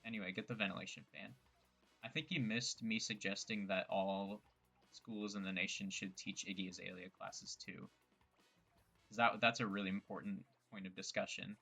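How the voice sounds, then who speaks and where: A gravelly, bright-toned young man rambles through a casual gameplay session, tossing out jokes and self-mocking asides. His voice sits fairly low with a crisp edge. Faint game music plays underneath. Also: little pitch movement, normal speed. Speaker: gameplay streamer.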